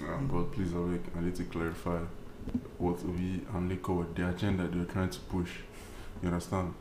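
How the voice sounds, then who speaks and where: A man's voice: sits low, monotone, normal speed, reverberant, noisy background. A man co-hosting a casual podcast, teasing his friends in slangy banter. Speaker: podcast co-host.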